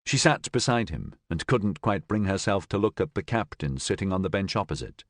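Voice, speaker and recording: Low-voiced expressive male audiobook narrator. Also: brisk, dry recording, studio quality. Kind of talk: scripted narration.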